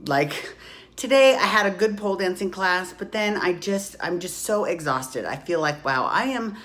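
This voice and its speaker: A woman in her forties recapping reality TV in a gossipy, profane, excitable way, recorded on a phone at home. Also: lowish voice, normal speed. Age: 40s. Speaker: podcast host. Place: hot room at home.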